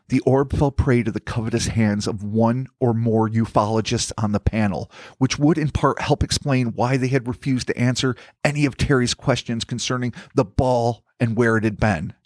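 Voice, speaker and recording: A man's voice: medium pitch, moderate pace, darkish tone, no room sound, studio quality. Wry man narrating a mystery podcast. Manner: wry, theatrical storytelling. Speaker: podcast host. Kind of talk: scripted narration with banter.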